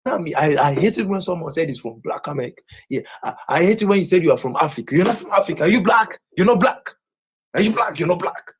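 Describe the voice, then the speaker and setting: A man's voice: on the high side, lively intonation, fast, a little hiss or hum. A Nigerian man ranting on a livestream, agitated and repeating the same phrases over and over.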